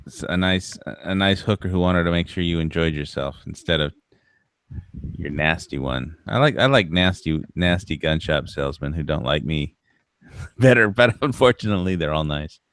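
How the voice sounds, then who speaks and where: A man's voice: low-pitched, lively intonation, normal speed, a bit bright, clean tone, no echo. A man cracking crude jokes in a casual chat. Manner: crude joking interjections. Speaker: lobby chat regular.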